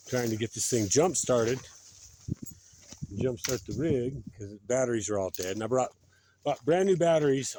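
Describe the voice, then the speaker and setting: A man's voice: fairly low pitch, darkish tone, a little hiss or hum. A man hosting a casual outdoor vlog, out of breath and rambling with lots of fillers. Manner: rambling, fills pauses with "uh" and "so". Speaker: channel host. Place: outdoors beside a road.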